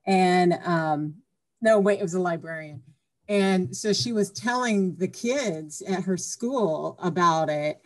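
A woman's voice: lowish voice, takes it slowly. A woman author being interviewed on a podcast, chatty and emotional, retelling stories. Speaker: author guest.

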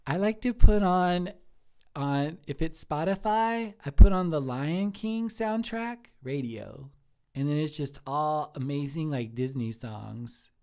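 A man's voice: on the high side, animated, takes it slowly, darkish tone, smooth. A man voicing a giddy, childlike young woman who works in a kitchen, giggly and scattered as she answers live chat questions. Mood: bubbly. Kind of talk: improvised live-stream character comedy.

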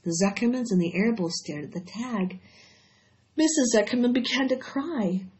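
A woman's voice: a little high, normal speed. Woman reading a storybook aloud. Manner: steady, expressive storytelling. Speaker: audiobook reader. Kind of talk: storybook read-aloud narration. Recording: dull lo-fi recording.

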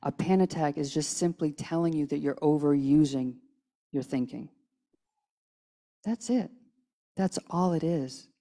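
A woman's voice: low-pitched, a little slow, long pauses, dark tone. A woman giving a conversational sermon in a church, chatty with restarts, tired from little sleep. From United States. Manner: casual, chatty, with restarts and acted-out quotes. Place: church sanctuary.

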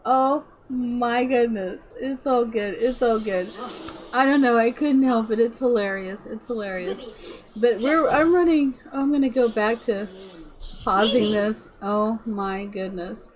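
A woman's voice: fairly high pitch, unhurried, low-quality recording. A woman streaming a game live, chatting casually and laughing through her words. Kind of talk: casual live-stream chat while gaming.

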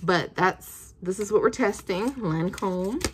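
A woman's voice: medium pitch, slow, noisy background. A woman in her twenties chatting casually as she reviews perfumes, thinking aloud with plenty of fillers. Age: 20s.

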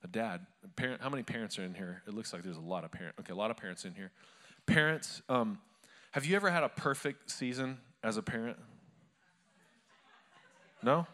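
Bright-voiced storytelling man preaching. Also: medium pitch, animated, fairly quick, long pauses. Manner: conversational storytelling with humor. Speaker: pastor. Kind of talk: sermon. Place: church before a live congregation.

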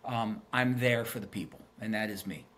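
A man's voice: on the low side, steady tone, normal speed, fairly bright tone. A middle-aged man and guest musician telling stories earnestly and reflectively in a casual interview, often repeating words as he thinks.

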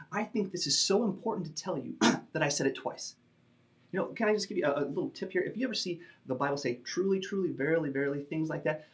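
Emphatic pastor, fairly high voice. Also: male voice. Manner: emphatic teaching with frequent "uh" fillers. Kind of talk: sermon.

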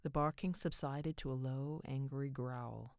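A woman narrating a short story in an expressive way, giving each character a voice. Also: very deep voice, unhurried, no echo, clean studio sound.

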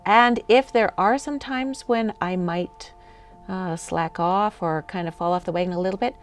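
A woman's voice: medium pitch, moderate pace, soft background music. A woman life coach giving an enthusiastic motivational lesson while walking on a treadmill.

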